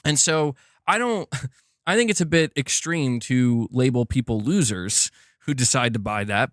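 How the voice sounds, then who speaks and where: A man's voice: medium pitch, no echo, clean studio sound. A man hosting a gaming news livestream in casual commentary, reading donations aloud and talking straight to his chat. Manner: chatty, reads donations aloud, talks to chat directly.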